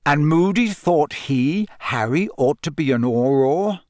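A man narrating an audiobook in a measured storytelling manner. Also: on the high side, animated, darkish tone, dry recording, studio quality. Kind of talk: scripted narration.

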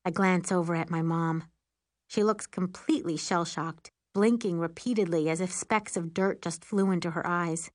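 A woman narrating an audiobook in first person as an excitable, meddling teenage girl with a wry, lively manner. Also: on the low side, normal speed, no room sound, clean studio sound.

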